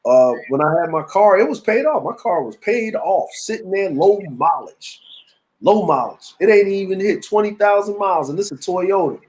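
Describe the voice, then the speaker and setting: A middle-aged man with a fairly high speaking voice, co-hosting a relaxed talk show. He tells stories with animated, teasing energy. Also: moderate pace, low-quality recording. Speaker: podcast co-host. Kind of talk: casual chat.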